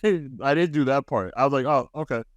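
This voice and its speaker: A man's voice: mid-range voice, lively intonation, normal speed, smooth, dry recording. A man co-hosting a podcast, casually telling a loose, rambling work story and laughing easily. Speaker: podcast co-host.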